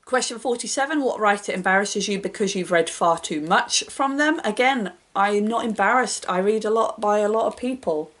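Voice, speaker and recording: A woman book vlogger chats casually, reading each question out brightly and then answering in an offhand, self-deprecating way. Her pitch is medium, her pace moderate, and she pauses little.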